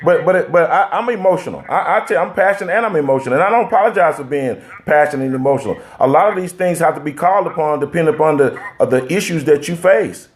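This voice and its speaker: Man, host, passionate, frequent restarts, slightly high voice. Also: lively intonation, quick pace, few pauses. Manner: passionate, plain-spoken, many restarts. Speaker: show host. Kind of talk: casual panel discussion.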